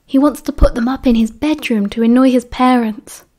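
A woman narrator puts on a timid teenage schoolboy with a British accent, fretful and whiny. His voice sits higher than the reader's own, anxious and quick to wail. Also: steady tone, darkish tone, natural voice. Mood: nervous. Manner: wailing, anxious.

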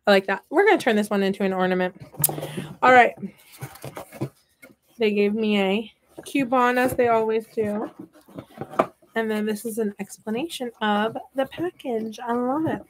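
A woman's voice: fairly high pitch, moderate pace, pauses often, slight background noise. A woman hosting a casual craft livestream from her home office, chatting and reading out viewer comments. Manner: playful and upbeat. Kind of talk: casual chat while crafting.

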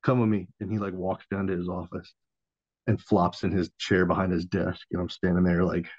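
A man's voice: sits low, level tone, normal speed, husky, no room sound. A man in his thirties, a podcast guest and former Marine, telling a story in a laid-back, profane, casual way. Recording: dull lo-fi audio.

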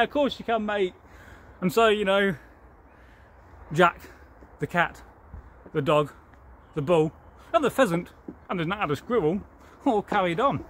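A man's voice: high voice, a bit bright, slight background noise. A man with an English accent telling a folktale in a rambling, chatty way, full of asides. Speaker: storyteller. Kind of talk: casual oral folktale telling.

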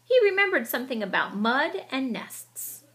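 A woman reading a children's picture book aloud with expressive storytelling, and she sometimes stops to explain the story. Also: sits high, moderate pace.

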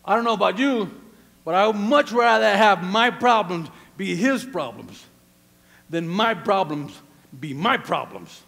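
Man, pastor, high bright voice, gravelly edge, lively sermon delivery, reverberant church hall. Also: measured pace. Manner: animated preaching, swings from hushed to shouting. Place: church sanctuary.

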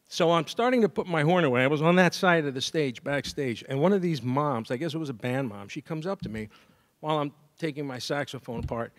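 Man telling a lively scat-filled story. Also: fairly high pitch, fast talker. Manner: lively storyteller who scats melodies and acts out dialogue. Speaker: commencement speaker and saxophonist. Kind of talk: storytelling speech at a graduation ceremony. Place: university degree ceremony.

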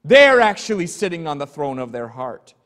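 A male pastor delivers an earnest, emphatic sermon with a fairly high voice. He mixes warnings with personal stories and drops to a quiet, confiding tone at times. His voice trails off into the long reverb of a church sanctuary. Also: very animated, moderate pace.

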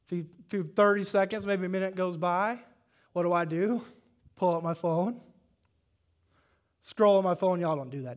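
A Southern pastor with a notably high voice delivers a sermon, chatty and homespun as he tells his stories. He pushes his voice up into loud, fervent exhortation as he drives his points home. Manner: folksy storytelling that builds to shouted exhortation. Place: church service.

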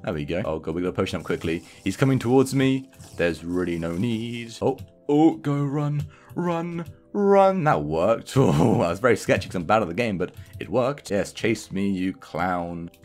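A man's voice: lowish voice, lively intonation, moderate pace, darkish tone. A man giving sarcastic, self-mocking commentary over his own gameplay as a video host. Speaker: gaming YouTuber.

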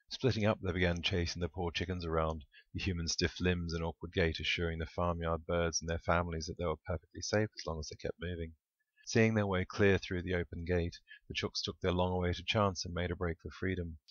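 A man reads his own comic storybook aloud with a wry, deadpan delivery and a very low voice. The recording is dull and lo-fi, dry and close. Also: no room sound. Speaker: author reading his book. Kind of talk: audiobook narration.

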